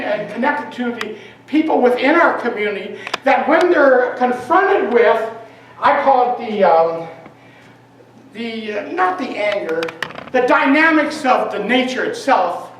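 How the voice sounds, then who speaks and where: Her voice fairly high and animated, a woman speaks unhurriedly as a lay minister, giving an informal sermon in a church meeting room and putting questions to the congregation in a conversational way. The recording comes from a distant mic in a very echoey hall, with slight background noise.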